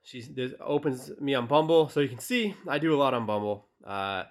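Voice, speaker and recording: A young man with a mid-range voice coaches on dating at a normal speed. He talks casually and directly in a relaxed tutorial style, using lots of fillers and reading text messages aloud.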